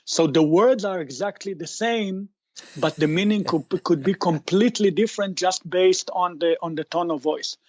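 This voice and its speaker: A man's voice: high-pitched, moderate pace, a little mellow, dry recording. A man guest on a podcast interview, explaining his technology patiently, often restarting and repeating words as he searches for phrasing. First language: Hebrew. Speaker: tech company founder guest.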